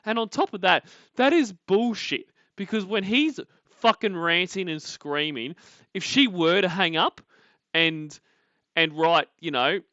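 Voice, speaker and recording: A man's voice: sits high, measured pace, sharp tone, dry recording, lo-fi sound. A man giving blunt, sarcastic commentary on a call, swearing and laughing often. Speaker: streamer reacting to a call recording. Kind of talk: casual commentary.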